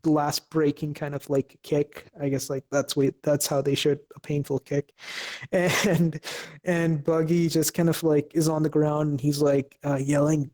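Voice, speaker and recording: A young man on a casual podcast walks through what happens in an episode. His voice sits a little high but stays flat, and he keeps stopping on "um" and "uh" and restarting his sentences. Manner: halting, many fillers and restarts. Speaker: podcast co-host.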